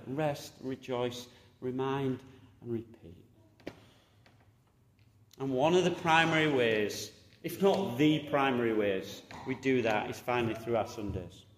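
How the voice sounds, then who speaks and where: A man preaching a sermon, exhorting and animated, rising loud and dropping quiet. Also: medium pitch, unhurried, pauses often, roomy sound, in a large hall.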